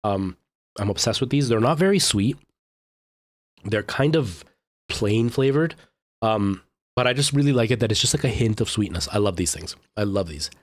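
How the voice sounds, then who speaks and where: Chatty low-voiced man rambling to viewers. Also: animated, normal speed, long pauses, no room sound. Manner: rambling, chatty, many fillers and restarts. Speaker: streamer. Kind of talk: casual chat with live chat.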